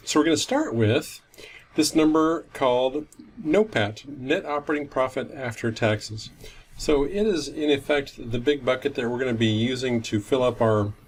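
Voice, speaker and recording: A man's voice: medium pitch, a little hiss or hum. A man teaching finance in a recorded lecture, explaining step by step and often correcting himself mid-sentence. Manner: methodical, self-correcting explanation. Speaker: finance instructor.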